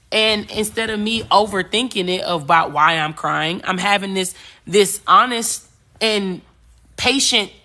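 A woman's voice: lowish voice, sharp tone. A woman doing a casual tarot reading, talking bluntly with profanity and rambling asides, and growing emphatic as she goes. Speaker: tarot reader.

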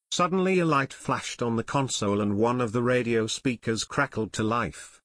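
A man narrating a full-length audiobook in a steady storytelling manner. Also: medium pitch, normal speed, few pauses, dry recording. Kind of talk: scripted narration.

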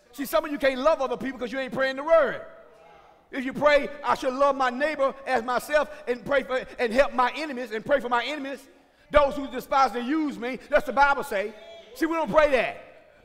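A man preaching a sermon as pastor, swinging from shouted points to chatty asides with the congregation. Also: very high voice. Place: church sanctuary. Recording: reverberant church sanctuary.

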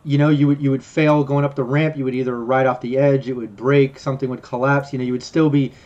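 A man's voice: medium pitch, flat delivery, quick pace, a little mellow, highs cut off. A man narrating a tabletop game as game master, rambling with many ums and restarts.

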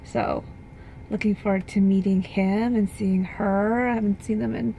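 A woman's voice: medium pitch, steady tone, moderate pace, creaky, mellow, highs cut off, a little hiss or hum. A woman chatting casually to camera in a vlog, rambling with lots of fillers, recorded on a handheld phone in a parked car. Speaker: vlogger and expectant mother.

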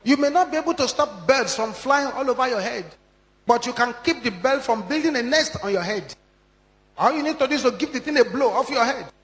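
High-voiced preacher in a reverberant hall. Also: male voice, expressive, brisk, fairly bright tone. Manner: emphatic, repeating lines with strong rises and drops. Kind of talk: sermon.

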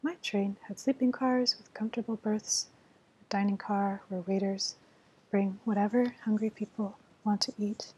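A woman reading a children's bedtime story in a soft, soothing whispered role-play. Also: medium pitch, husky, low-quality recording.

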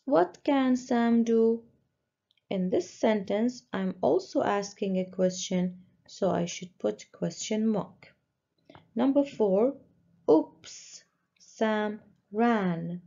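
A woman teacher slowly walking young pupils through a worksheet, patiently stressing each word. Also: medium pitch, creaky, mellow. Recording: dull lo-fi recording.

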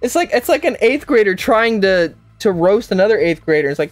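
Exclaiming reaction video host. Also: female voice, mid-range voice, big pitch swings, fairly quick, few pauses, no echo, faint music behind. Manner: loud exclaiming, mocking, gives blunt opinions. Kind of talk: reaction commentary.

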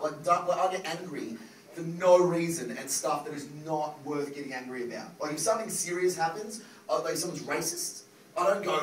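A man in his thirties with an Australian accent doing a stand-up comedy set, loud and animated, swearing through his rants. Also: high voice. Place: comedy club stage with audience. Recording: roomy live venue, crowd, from far off.

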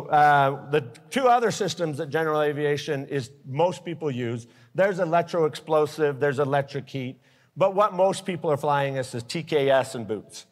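A man giving a live aviation safety talk to pilots, earnest and openly emotional, with blunt warnings. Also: fairly high pitch. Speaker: speaker at aviation safety forum. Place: forum at an airport hangar venue. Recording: long reverb from a large hall.

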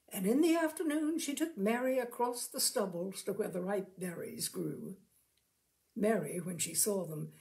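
A woman reading a short story aloud in a dramatic, lively storybook manner. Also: mid-range voice, vocal fry.

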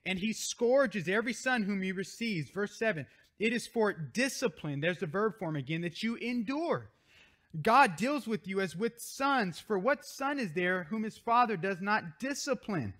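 High-voiced man preaching a sermon. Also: fairly bright tone. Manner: emphatic preaching, reading scripture aloud with commentary. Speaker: pastor. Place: church sanctuary.

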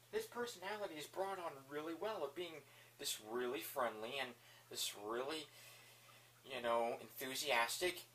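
A man's voice: fairly high pitch, pushed and bright. A man giving a casual spoken review, enthusiastic and rambling, with lots of fillers. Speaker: video reviewer.

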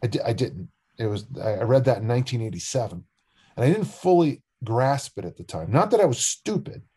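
An older man with a husky, slightly breathy voice at an average pitch, talking as a coach on a podcast. He tells stories in an animated, joking way. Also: a little fast. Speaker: strength coach and discus coach. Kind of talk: podcast interview.

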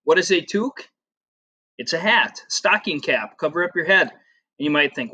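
This thirty-something American gives a chatty, meandering geography lesson for a casual video class, peppered with fillers and personal anecdotes. He speaks at normal speed in a fairly high, animated, bright voice that's forceful and slightly rough, and the audio sounds lo-fi.

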